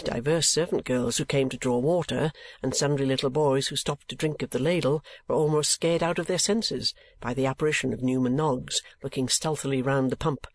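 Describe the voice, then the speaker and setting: A man reading an audiobook in steady, measured storytelling narration. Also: medium pitch, dry recording. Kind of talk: scripted narration.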